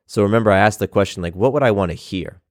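A man's voice: fairly low pitch, fast, dry recording, clean studio sound. A man in his thirties telling a personal story in a reflective, earnest way, often repeating phrases. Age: 30s.

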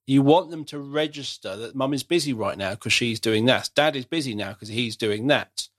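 A man's voice: mid-range voice, moderate pace, dry recording. Dry-voiced chatty man. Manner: chatty, self-deprecating, frequent restarts. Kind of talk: casual conversational chat.

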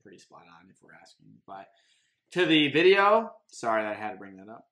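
A man's voice: mid-range voice, big pitch swings, fairly quick, fairly bright tone. A man co-hosting a casual sports talk show, arguing his points and hedging with filler words. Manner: argumentative, hedging with "like". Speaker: podcast co-host.

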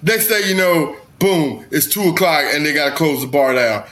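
A man's voice: fairly high pitch, lively intonation, normal speed, a bit bright. A man co-hosting a podcast, bantering loosely and swearing as he jokes around. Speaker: podcast co-host. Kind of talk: casual banter. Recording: echoey room with noise.

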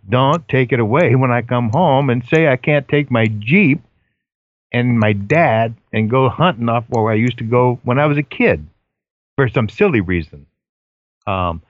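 A man's voice: medium pitch, no echo, narrow, tinny audio. An older man, a guest on a casual talk show, telling his stories earnestly with frequent fillers and restarts. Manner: earnest storytelling, hesitant fillers. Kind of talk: casual chat.

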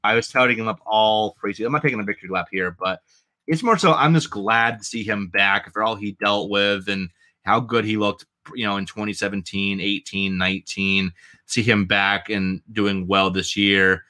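A man's voice: lowish voice, moderate pace. A man with a New England accent co-hosting a baseball podcast, rattling off stats in casual, rambling chat. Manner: animated, stat-heavy, rambling with fillers. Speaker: fantasy baseball podcast co-host.

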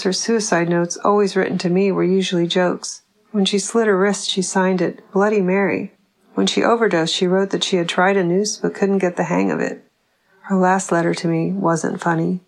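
Female audiobook reader, dry measured delivery, low voice with fry. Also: fairly even intonation, poor audio. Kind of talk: reading a literary short story aloud.

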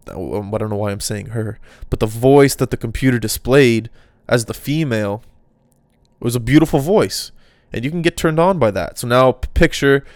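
A man's voice: medium pitch, darkish tone, no echo, clean studio sound. Male podcast host, casual solo monologue, loose and rambling, mid-range voice, clean. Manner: rambling, off-the-cuff musing.

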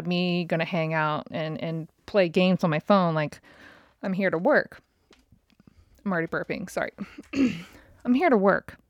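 A woman's voice: fairly low pitch, clean tone, no room sound, clean studio sound. A woman in her thirties hosting her own podcast, telling a story in a chatty, exasperated way and swearing freely. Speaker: podcast host. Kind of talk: casual storytelling monologue. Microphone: podcast mic.

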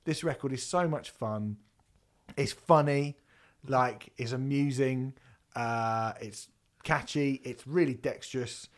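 A man co-hosting a podcast in casual chat, animated and sweary, breaking into bits of song. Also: mid-range voice, takes it slowly. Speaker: podcast co-host.

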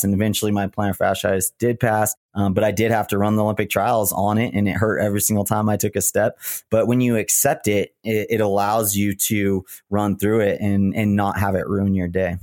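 Low-voiced man telling a reflective story. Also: level tone, a little fast, darkish tone, no echo, studio quality. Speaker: guest, retired marathon runner. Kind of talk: podcast interview.

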